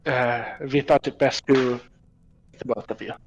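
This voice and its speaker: A man doing a hushed, steady male adventurer. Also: mid-range voice, a little slow, close to an everyday voice, poor audio. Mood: hushed, firm. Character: calm, protective male adventurer.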